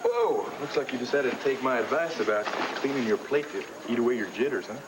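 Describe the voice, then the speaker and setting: A man's voice: medium pitch, expressive, brisk, very noisy, lightly acted. An actor in a 1980s soap opera playing a joking young man who works as a porter. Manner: teasing, joking.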